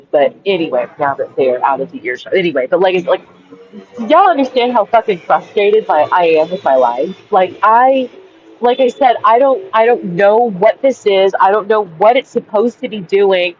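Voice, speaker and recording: A woman in her forties venting on a dark sidewalk at night, angry, swearing constantly and repeating herself. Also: mid-range voice, normal speed, highs cut off, a little hiss or hum. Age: 40s. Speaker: vlogger. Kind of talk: rambling outdoor vent. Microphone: wireless headphones.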